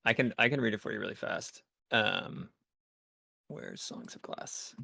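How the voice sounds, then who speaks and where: Low gravelly guy dm, rambles through the scene with lots of likes. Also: huge pitch swings, unhurried, pushed and bright. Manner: loose, filler-heavy scene narration. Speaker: dungeon master. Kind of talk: narrating a tabletop game.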